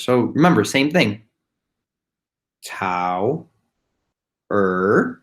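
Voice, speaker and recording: A man teaching a phonics lesson to young children. He spells words letter by letter, slowly and patiently. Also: medium pitch. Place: home, recorded remotely.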